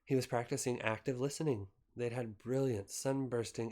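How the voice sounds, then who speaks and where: A man's voice: mid-range voice, normal speed, hardly any pauses. Male amateur reader, mid-range voice, casual and unpolished delivery, loose homemade reading of a novel. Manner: relaxed, unpolished, stops to recap in his own words.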